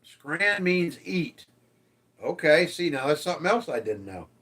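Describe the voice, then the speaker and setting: A man's voice: a little high, very animated, measured pace, a bit bright. A man hosting a casual livestream, reading viewer comments aloud and teasing them, swearing freely. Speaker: livestream host.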